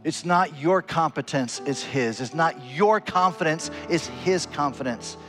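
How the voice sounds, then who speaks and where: A man's voice: a little slow, over music. A male pastor preaching a sermon in an earnest way, voice rising and falling widely. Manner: earnest preaching with wide swings in pitch and loudness.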